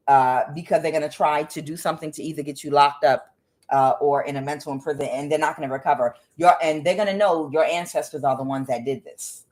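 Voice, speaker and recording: A woman tarot reader giving a casual, emphatic spiritual reading, preachy and blunt, with some swearing. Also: low-pitched.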